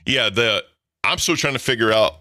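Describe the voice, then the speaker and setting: A man co-hosting a casual livestream, rambling and self-correcting with a very deep voice and lots of "right?". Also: animated, normal speed, pushed and bright, no echo, studio quality. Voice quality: very deep low voice. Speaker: co-host.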